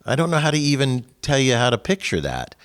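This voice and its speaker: A man's voice: medium pitch, fast. Middle-aged guy telling a story to his church group, voice goes up and down a lot, talks with a faith message. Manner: lively retelling with quoted dialogue. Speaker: discussion leader at a faith group.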